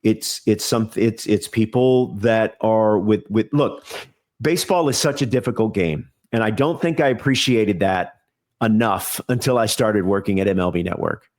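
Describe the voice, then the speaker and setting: Measured, low-voiced man talking baseball. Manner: measured, earnest, frequent fillers and restarts. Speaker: TV baseball show host, guest. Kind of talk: podcast interview.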